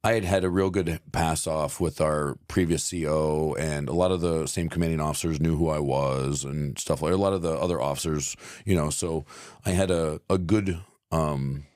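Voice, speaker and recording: A man in his thirties co-hosting a podcast, speaking in halting casual conversation, searching for words and swearing freely. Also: a bass voice, fairly even intonation, a little mellow, no echo, studio quality. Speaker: podcast co-host.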